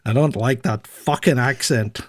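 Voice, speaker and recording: A man's voice: mid-range voice, measured pace, no echo. A man co-hosting a casual chat show from Britain, talking bluntly and swearing freely. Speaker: co-host.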